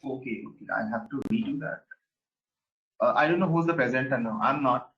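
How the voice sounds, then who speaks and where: A man leads an online class, talking loosely and thinking aloud with lots of fillers. His voice sits at a medium pitch. The video call audio is dull and lo-fi. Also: brisk, a bit bright. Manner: conversational, with many fillers and repeated words. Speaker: teacher.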